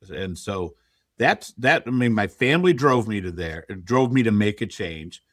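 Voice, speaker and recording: A man's voice: fairly low pitch, expressive, moderate pace, dry recording, clean studio sound. A middle-aged man, a podcast guest, telling his story candidly and quoting his own past thoughts. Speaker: podcast guest, real estate investor. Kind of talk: conversational interview storytelling.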